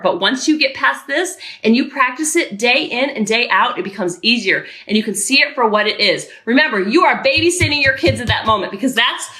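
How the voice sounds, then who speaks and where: A middle-aged woman and podcast host, coaching parents in an energetic, emphatic way and repeating her key phrases. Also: sits high, echoey room.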